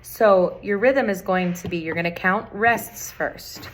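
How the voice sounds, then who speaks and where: A woman's voice: mid-range voice, unhurried, slight background noise. A middle-aged woman teaching a recorder lesson, patiently repeating key points and chanting rhythms aloud. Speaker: music teacher. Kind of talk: recorder tutorial.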